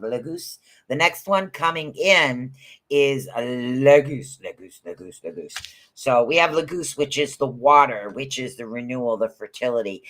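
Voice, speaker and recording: A man's voice: medium pitch, fairly bright tone. A man hosting a casual livestream rune reading. He talks in a chatty, rambling way, repeats words, and calls his listeners honey. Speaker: podcast host giving live rune readings.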